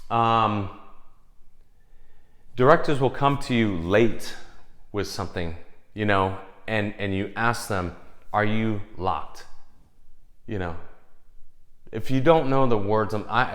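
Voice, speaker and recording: A man's voice: lowish voice, unhurried, pauses often, a bit bright. Rambling, profane man telling stories. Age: young adult or older, past twenties. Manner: rambling, profane, acts out quotes. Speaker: film composer. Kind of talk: casual storytelling monologue.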